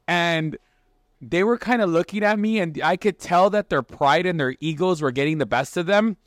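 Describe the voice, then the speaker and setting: A man, a chef and podcast host telling a kitchen story in casual chat, profane and animated, with many restarts and acted-out quotes. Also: fairly high pitch, moderate pace, no echo, clean studio sound.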